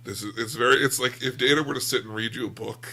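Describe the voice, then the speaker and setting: A man with a gravelly voice, talking casually about a book on a podcast, rambling and self-deprecating. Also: medium pitch, fast talker, sharp tone. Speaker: podcast co-host.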